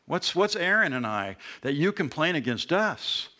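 Middle-aged male pastor, sermon, conversational preaching, bright voice. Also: fairly high pitch, normal speed. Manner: conversational preaching with animated asides.

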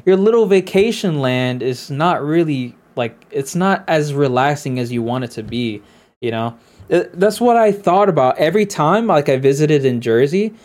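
A man with a fairly high voice chatting on a podcast. He is relaxed and agreeable, drops the odd swear word, and tells anecdotes at an easy pace. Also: moderate pace. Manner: laid-back, agreeing, storytelling with casual swearing. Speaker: podcast co-host. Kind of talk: casual podcast chat.

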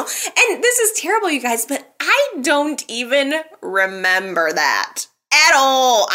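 A woman's voice: fairly high pitch, pushed and bright. A woman hosting a casual recap podcast, chatting animatedly and talking straight to her listeners. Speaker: soap opera recap podcast host.

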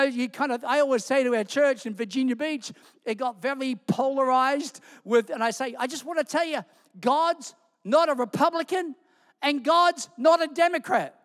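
A male preacher delivers a sermon full of humorous stories and lively asides. His voice sits very high for a man, and it rings out with the long reverb of a large church. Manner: animated storytelling with humor. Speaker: guest pastor.

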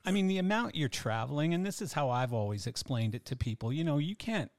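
A man's voice: on the high side, expressive, quick pace, no room sound. A man hosting a podcast in casual chat, backing up his guest with short agreeing replies. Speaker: podcast host.

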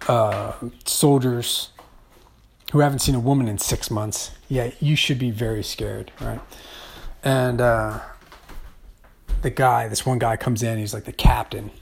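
A man's voice: mid-range voice, gravelly, a little hiss or hum. A man hosting a podcast, telling a travel story in a wry, rambling monologue full of fillers. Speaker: podcast host.

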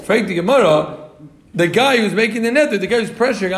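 A man teaching a Talmud class, animated and quick, repeating points for his students. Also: high voice, noisy background.

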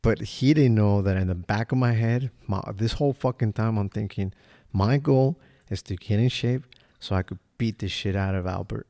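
A podcast host tells a personal story in a casual, profane, laid-back style, acting out what people said. His voice is on the low side and dark-toned, at a moderate pace.

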